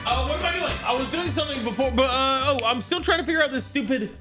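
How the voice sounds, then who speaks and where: A streamer chatting live with viewers, excitable, swearing and laughing often. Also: sits high, fast, over music.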